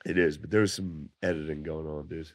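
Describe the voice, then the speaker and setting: Man, very deep voice, hoarse, casual profane storytelling, dry close mic. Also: steady tone, brisk, a little mellow, dry recording. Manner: laid-back, profane storytelling with laughs. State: losing his voice. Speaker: comedian guest. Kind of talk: casual podcast chat.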